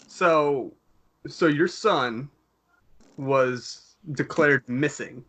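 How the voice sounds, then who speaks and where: A podcast co-host with a bright voice at a middle pitch, bantering loosely. He jokes a lot, laughs easily, and stumbles over quick restarts as he talks. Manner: joking, laughs often, stammering restarts.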